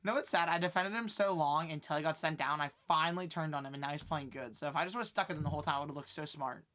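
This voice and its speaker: Fast, bright-voiced man chatting wryly. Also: on the high side. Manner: quick, wry remarks, some stammered restarts. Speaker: podcast co-host. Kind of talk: casual chat. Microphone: headset.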